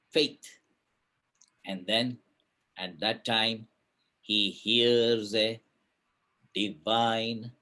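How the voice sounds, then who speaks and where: A man giving a spiritual discourse, telling a parable in an animated way and acting out the characters' voices. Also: medium pitch. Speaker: spiritual speaker.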